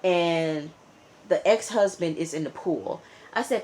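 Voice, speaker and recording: A TV reviewer, a woman with a fairly low, darkish voice, speaks slowly as she casually recaps an episode. She's chatty, filling her speech with "you know" and "like," and talks back to the characters while retelling the story.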